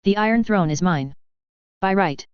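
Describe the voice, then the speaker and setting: A woman's voice: medium pitch, animated, moderate pace, clear, resonant tone, no echo, lo-fi sound, lightly acted. A woman voicing a stern, rigid older lord in a fan fiction reading, speaking curtly and coldly. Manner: curt, growling, cold.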